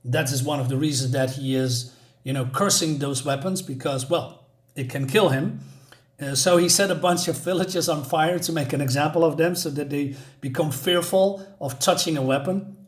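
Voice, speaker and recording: Enthusiastic man with a slightly high voice. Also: normal speed. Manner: hesitant, many fillers and restarts, enthusiastic asides. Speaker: comic book reviewer. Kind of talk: casual spoken review.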